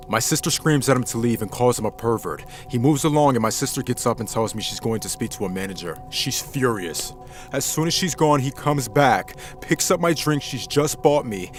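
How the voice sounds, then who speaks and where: A man reads a true horror story aloud in the first person, with a dramatic delivery. His voice sits in an ordinary middle pitch, with faint music playing underneath. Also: moderate pace. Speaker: narrator. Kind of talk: scripted horror story narration.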